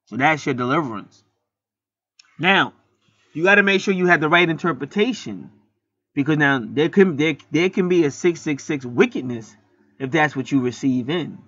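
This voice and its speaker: A man with a fairly high, lively, brisk and slightly bright voice hosts a spiritual channel. He delivers a blunt, preachy monologue laced with heavy swearing, rambling and restarting often. The recording is dull, lo-fi and dry.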